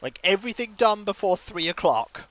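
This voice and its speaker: A man's voice: high voice, sing-song, moderate pace, a bit bright, no room sound. A man streaming a video game, rambling through jokey, self-mocking asides. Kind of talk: casual gaming stream commentary.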